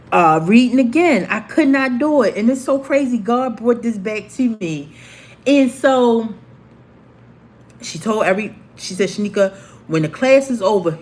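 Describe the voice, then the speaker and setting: A woman in her forties, casually telling a personal story to viewers on a livestream and acting out the voices of the people in it. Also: medium pitch. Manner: animated, acts out quoted voices. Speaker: livestream host.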